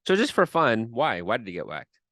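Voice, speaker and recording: A man's voice: medium pitch, wildly swooping pitch, fairly quick, a bit bright. A man hosting a podcast in casual chat, teasing and quizzing his co-host with amused questions.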